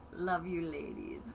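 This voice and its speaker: A middle-aged woman hosts a casual chat in a fairly low voice with a bright, forceful edge. She talks bluntly, teases herself and swears freely. She keeps the talk loose and informal. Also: creaky, distant mic, a little hiss or hum. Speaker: host, life coach.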